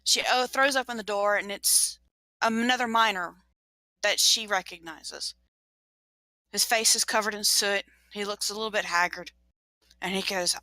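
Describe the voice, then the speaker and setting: Woman game master narrating a ghost story; bright, dry, dramatic. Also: mid-range voice, steady tone, moderate pace, long pauses, dry recording, low-quality recording. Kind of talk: storytelling in a tabletop game session.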